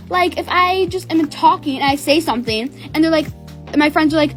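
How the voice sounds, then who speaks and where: A woman's voice: high-pitched, animated, a little fast, soft background music. A teenage girl telling a story in a chatty, sarcastic way, with lots of "like". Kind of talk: casual storytime.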